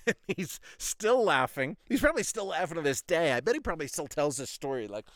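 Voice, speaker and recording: A man's voice: fairly high pitch, lively intonation, fast talker, a bit bright, no room sound, studio quality. A man hosting a podcast, telling a story in a rambling, casual way, full of "like" and frequent swearing. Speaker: podcast host.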